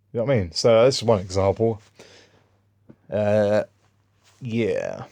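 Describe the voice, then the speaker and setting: English man, low mellow voice. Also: sing-song, slow, creaky, long pauses. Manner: rambling, aggrieved, restarts often. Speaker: vlogger. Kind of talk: casual spoken monologue, storytelling.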